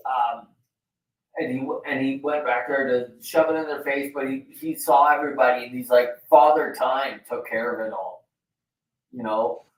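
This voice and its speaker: A man co-hosting a casual chat show, rambling with lots of fillers and easy swearing. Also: medium pitch. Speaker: show co-host. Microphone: video call. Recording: roomy, distant from the mic.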